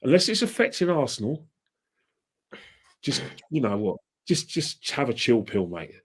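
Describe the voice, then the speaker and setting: A man, a podcast guest in casual chat who rants and mocks rival fans in an animated way. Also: medium pitch, moderate pace, breathy edge. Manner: ranting, mocking, animated.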